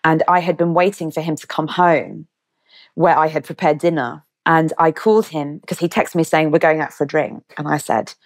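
This English-accented woman in her 30s has a low, steady voice and a moderate pace. Appearing as a guest on a podcast, she tells a personal story conversationally and brings it to life by performing the quoted lines.

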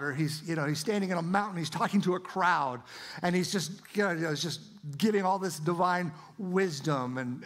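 A man's voice: on the high side, husky. A man preaching a sermon in an earnest style, often repeating and restarting words as he builds to emphatic declarations. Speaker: pastor.

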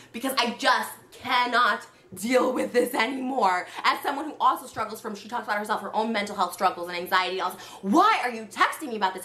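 Fast, bright-voiced woman ranting. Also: a little high, echoey room. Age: 30s. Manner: animated, exasperated, fast venting. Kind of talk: emotional rant.

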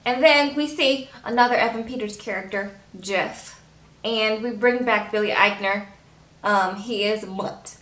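A woman's voice: a little high, steady tone, normal speed, a bit bright, far from the mic. Chatty woman in a roomy space. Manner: chatty, acts out characters' lines in quotes. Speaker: TV episode reviewer. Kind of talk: casual recap vlog. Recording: roomy echo, a bit off-mic.

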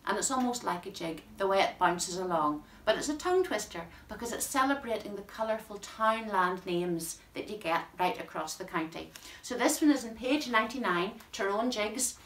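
A woman gives a talk from home, reading poetry aloud with measured, expressive, careful diction. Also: medium pitch. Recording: roomy and distant from the mic.

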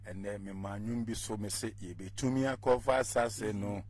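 A man's voice: on the low side, fairly quick, darkish tone. A Ghanaian man speaking as a guest on a radio talk show, arguing his political point with passion and mixing Twi with English.

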